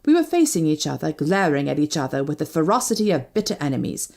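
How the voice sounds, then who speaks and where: A woman narrating a first-person novel as an audiobook, reading expressively. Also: fast talker. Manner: expressive, shifting pitch with each character.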